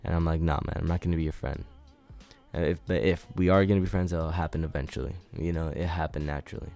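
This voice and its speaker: A man's voice: extremely low pitch, fairly even intonation, fast talker, warm tone, soft background music. A young man vlogging casually, telling a personal story in a laid-back way full of "like" and "man". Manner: laid-back, filler-heavy, repeats "like" and "man".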